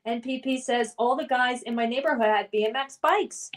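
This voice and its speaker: A woman's voice: fairly high pitch, moderate pace. A woman hosting a casual livestream trivia game, chatting and reading viewer comments aloud before answering them. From United States. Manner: chatty, reads chat names then responds.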